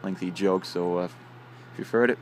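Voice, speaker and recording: Man, casual joke-telling, low voice, rambling with fillers, faint noise behind. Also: fairly even intonation, moderate pace. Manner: rambling, filler-heavy delivery.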